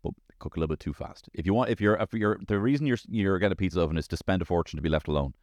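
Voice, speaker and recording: Low-voiced Dublin man telling comic stories. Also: rapid-fire, dry recording. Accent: Dublin Irish. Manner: animated storytelling, swears freely, lots of tag questions. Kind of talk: casual comic monologue.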